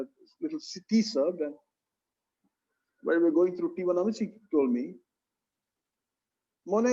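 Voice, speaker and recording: A man's voice: sits high, darkish tone. A man teaching a Bible study, earnest, repeating phrases and saying "you know" often. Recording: dull lo-fi sound.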